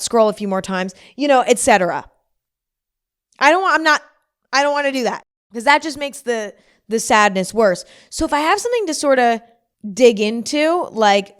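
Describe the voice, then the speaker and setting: Young woman, solo podcast host, rambling casual chat, self-mocking, smooth clear voice. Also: mid-range voice, animated, a little fast.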